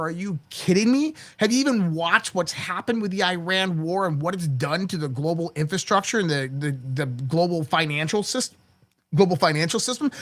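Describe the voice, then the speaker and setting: On his casual daily political commentary show, a male host speaks briskly and animatedly in a fairly high, fairly bright voice. His language is blunt and crass, with frequent curses and stumbling restarts where words get repeated.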